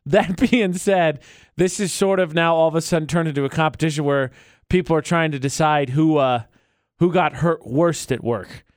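A man's voice: a little high, fairly quick, clear, resonant tone, no echo, clean studio sound. A man hosting a radio show, chatty and often laughing, talking through a call-in segment. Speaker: radio host. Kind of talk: casual radio banter.

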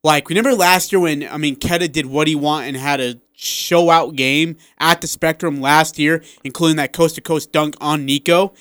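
A man with a slight lisp co-hosting a sports talk radio show, animated and piling up examples in quick bursts. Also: on the high side, smooth, dry recording, studio quality. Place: radio studio.

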